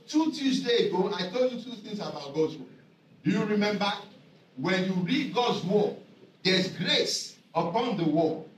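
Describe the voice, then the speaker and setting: High-voiced pastor preaching. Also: male voice, a bit bright, a little hiss or hum. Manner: emphatic, repeats scripture phrases slowly for stress. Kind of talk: sermon. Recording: echoey room, voice from a distance.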